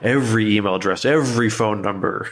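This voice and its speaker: Male podcast host, fairly low pitch, easygoing conversational chat, playful asides. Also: brisk, fairly bright tone. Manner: chatty, playfully acts out stalling scammers.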